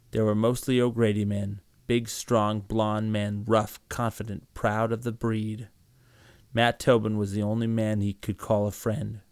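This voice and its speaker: A man reads a story aloud at a steady, measured pace. His voice sits on the low side. The recording is close and dry, with no room sound. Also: no room sound. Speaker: narrator. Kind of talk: storybook reading.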